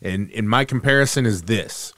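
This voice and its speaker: A man co-hosting a sports podcast over a remote setup, talking casually in a joking, facetious, animated way. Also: lowish voice, moderate pace, no room sound. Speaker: podcast co-host. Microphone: remote call setup.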